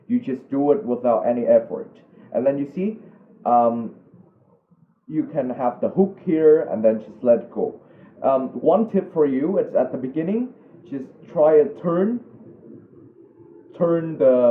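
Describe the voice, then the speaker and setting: A young man runs a casual calligraphy tutorial, pausing on fillers and repeating words as he demonstrates. His voice sits at an ordinary middle pitch. The audio is tinny and narrow, like a phone line. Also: lively intonation, echoey room. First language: Vietnamese. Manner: halting, many fillers and restarts, friendly asides. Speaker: calligraphy instructor.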